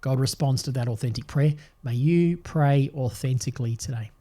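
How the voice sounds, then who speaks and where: An older man hosting a devotional podcast, talking in an earnest, reflective way with gentle restarts. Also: medium pitch, normal speed. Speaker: podcast host and Bible teacher.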